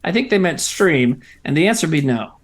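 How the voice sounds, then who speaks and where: Guy cohosting a stream, reads chat out loud, jokey, voice jumps all over. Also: a little high, sing-song, a little fast, a little hiss or hum. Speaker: comedy troupe member co-hosting a stream. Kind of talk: casual chat reading viewer comments.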